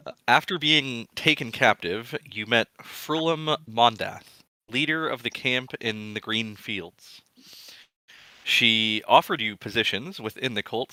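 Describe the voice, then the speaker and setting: A man's voice: mid-range voice, sharp tone, no echo, rough recording. A man as game master who recaps a tabletop game session in a casual, rambling way with many fillers.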